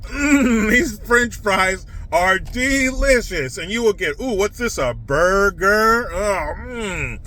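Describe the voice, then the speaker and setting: A man's voice: high voice, lively intonation, slow pace, few pauses, bright, forceful tone, exaggerated voice. A man impersonating a snooty, wealthy male politician clumsily faking common-man talk, in a mock-posh voice that savors every word.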